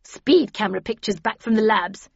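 A woman plays an irascible old spinster obsessed with cars, delivering brusque, curt, and dismissive lines. Her mid-range voice is creaky and husky at normal speed, and the recording is dry, dull, and lo-fi.

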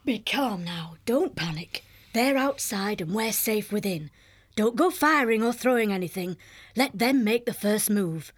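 Woman doing a gruff, homely abbey mother, calm and reassuring, storybook style. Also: mid-range voice, moderate pace, hardly any pauses, lightly acted.

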